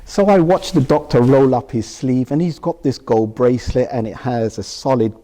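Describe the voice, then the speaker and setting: In a big-sounding room, a British interview guest tells an emotional story from his own life, performing the lines of dialogue as he retells it. He has a warm, medium-pitched voice and talks at a normal speed.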